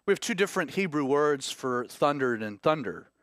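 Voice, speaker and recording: A Southern-accented man preaches with a notably high voice, dropping to hushed, drawn-out stresses and then climbing into urgent, animated stretches. The sound is close and dry, with no room around it. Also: no room sound. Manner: dramatic, swings between hushed and rising urgency. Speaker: pastor. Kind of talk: sermon.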